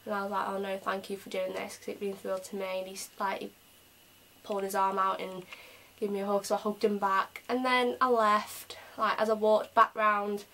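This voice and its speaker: A young woman from England recounts a meet and greet in a casual vlog. She talks in a chatty, excitable way, full of "like" and "um", with a fairly flat, even pitch. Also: low-quality recording. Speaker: vlogger.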